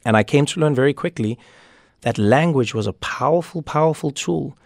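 Gravelly man telling stories. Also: medium pitch, dry recording, studio quality. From South Africa. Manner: animated storyteller, quick asides, repeats words when starting thoughts. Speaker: guest, comedian and author. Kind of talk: radio interview conversation.

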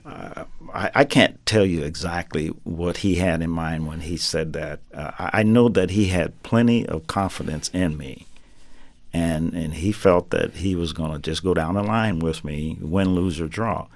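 Low-voiced older man telling stories. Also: measured pace, dry recording. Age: 70s. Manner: relaxed, dry humor, many fillers and restarts. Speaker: retired pitcher, guest. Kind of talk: interview storytelling.

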